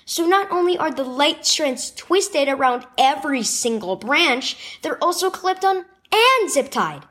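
Woman doing a fed-up kid sister, huffy and animated. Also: high-pitched, unhurried, pitched above the performer's own voice, exaggerated voice. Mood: exasperated. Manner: exasperated, huffy. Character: irritated older sister, a kid.

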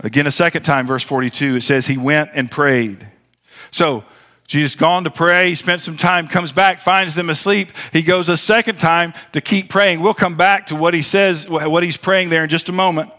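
Southern male pastor preaching, bright voice. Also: on the high side, steady tone. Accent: Southern American. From American South. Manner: preaching with dramatic pauses and wide swings in loudness. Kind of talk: sermon.

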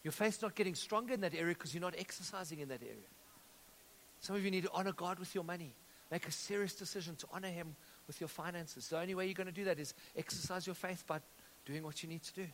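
A man preaching a sermon as pastor, energetic, calling out to the congregation and telling stories. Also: high voice, quick pace, a little hiss or hum. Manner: energetic preaching with audience call-outs and storytelling. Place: church auditorium. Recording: long reverb of a church hall.

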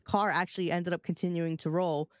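A woman's voice: on the low side, steady tone, fairly quick, no echo, studio quality. A woman co-hosting a casual podcast, telling a personal story at length, full of filler "like"s. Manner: rambling, many filler "like"s. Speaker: podcast co-host. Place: live-streamed podcast studio.

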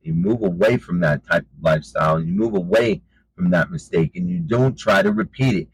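Husky man preaching emphatically. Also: sits low, big pitch swings, fairly quick, no echo, low-quality recording. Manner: emphatic, conversational, repeats "you know". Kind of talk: informal sermon.

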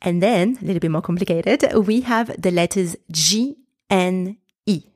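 A woman hosting a podcast lesson, slowly and carefully breaking words into sounds and repeating them for listeners to copy. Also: fairly low pitch, a little mellow, dry recording, clean studio sound. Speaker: podcast host and pronunciation teacher.

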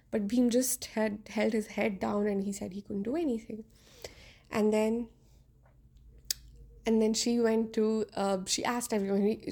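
Warm, gravelly woman telling an epic casually. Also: fairly high pitch. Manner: conversational, filler-laden retelling. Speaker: podcast host. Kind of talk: casual storytelling.

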